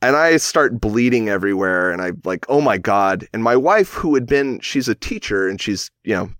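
A man's voice: fairly low pitch, sing-song, normal speed, fairly bright tone, no room sound, studio quality. A man in his thirties casually telling a long personal story on a podcast, rambling and correcting himself as he goes. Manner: rambling, self-correcting, chuckles while telling.

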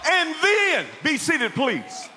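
A man's voice: very high-pitched, wildly swooping pitch, takes it slowly, bright, forceful tone, in a large hall, some chatter behind, slight background noise. A man preaching, fervent and hollering calls to the congregation. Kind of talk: shouted sermon.

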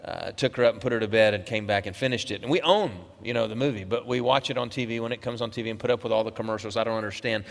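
A man's voice: on the low side, very fast, gravelly, few pauses. A middle-aged man, a pastor, opening a sermon in a casual, rambling way with many fillers and restarts. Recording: long echo of a large hall.

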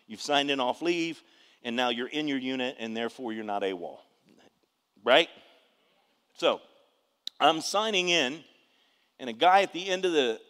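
A fairly bright, mid-range male voice echoes through a reverberant hall. The pastor gives an emphatic sermon woven with personal testimony, prompting the congregation for responses.

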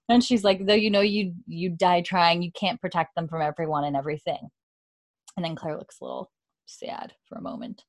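A woman's voice: normal speed, a little mellow. Chatty young woman recapping a show. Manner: chatty, acts out characters' lines with lifted pitch. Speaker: podcast host recapping a TV episode. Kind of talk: casual chat recap. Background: dog heard at times.

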